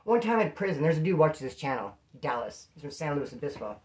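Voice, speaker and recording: A man from California telling prison stories in casual slang, animated and acting out what people said. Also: on the high side, fast talker. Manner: streetwise slang, animated, acts out quotes. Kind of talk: casual storytelling to camera.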